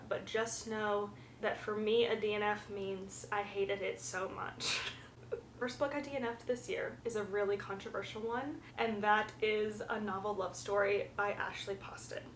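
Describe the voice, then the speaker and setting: A woman's voice: medium pitch, normal speed. A young woman from the American South giving frank, chatty book reviews in a casual vlog, full of fillers. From Southern United States, the Carolinas. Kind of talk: casual chat. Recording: roomy echo, faint background hiss.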